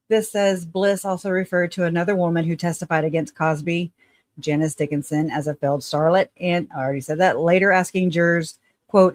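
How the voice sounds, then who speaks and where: A woman's voice: lowish voice, darkish tone, no echo. A woman host with a Southern twang, reading news articles aloud and breaking off into sarcastic asides. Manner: sarcastic asides, reads with stumbles.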